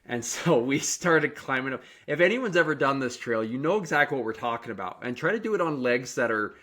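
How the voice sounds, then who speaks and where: A man hosting a running podcast, telling stories in a lively, chatty way with frequent restarts. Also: mid-range voice, a little fast. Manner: animated storytelling, many restarts. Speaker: podcast host and running coach. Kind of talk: casual interview chat.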